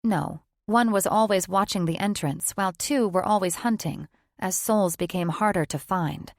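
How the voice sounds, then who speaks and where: A woman reading a fantasy romance audiobook in a steady, even narration. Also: medium pitch, normal speed, no room sound, clean studio sound. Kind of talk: scripted narration.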